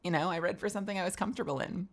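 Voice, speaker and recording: A woman voice actor streaming from her home booth, telling a story in an animated way and acting out both sides of the conversation. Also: fairly low pitch, racing. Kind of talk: casual stream chat.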